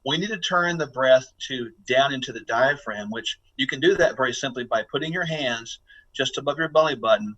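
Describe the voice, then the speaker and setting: A man's voice: mid-range voice, brisk, a bit bright, husky, lo-fi sound. A man speaking as a guest health expert on a podcast interview, talking in an emphatic, instructive way as he coaches listeners.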